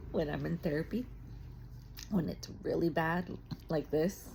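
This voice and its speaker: Brief: woman vlogger, low and gravelly, slow rambling confessional chat. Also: darkish tone, slight background noise. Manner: rambling and candid, heavy on "like" and "you know"; laughs easily. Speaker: faith and mental health vlogger. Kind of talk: casual confessional vlog.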